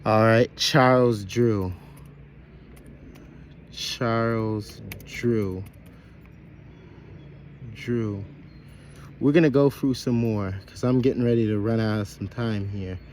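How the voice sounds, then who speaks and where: A man with a lowish voice speaks slowly, leaving long pauses, over slight background noise. He delivers a loose, rambling sermon-style monologue to his online followers, repeating phrases, trailing off mid-sentence, and calling out to them as brothers and sisters.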